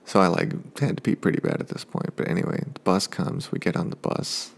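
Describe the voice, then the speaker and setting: A man telling a casual spoken anecdote, rambling along with digressive asides and dark jokes. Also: low-pitched, steady tone, brisk, gravelly, hardly any pauses. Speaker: storyteller.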